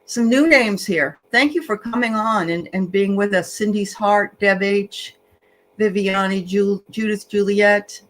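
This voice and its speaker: A woman's voice: medium pitch, unhurried, a little hiss or hum, poor audio. A woman co-hosting a casual livestream, greeting viewers by name in a chatty way with frequent fillers. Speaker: livestream co-host.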